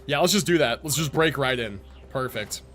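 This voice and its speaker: Animated, joking male game streamer. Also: mid-range voice, moderate pace. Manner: profane, joking and rambling. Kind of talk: casual live-stream commentary. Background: game music.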